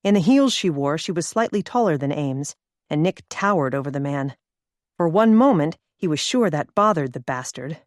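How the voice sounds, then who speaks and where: Woman narrator, low and dry. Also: lively intonation, normal speed, no echo. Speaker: audiobook narrator. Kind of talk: scripted narration.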